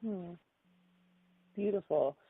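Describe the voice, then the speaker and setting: Woman host, mid-pitched, affirming, heard through a tinny dry phone line. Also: slow, slightly rough, dry recording. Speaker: interview host. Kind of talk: interview.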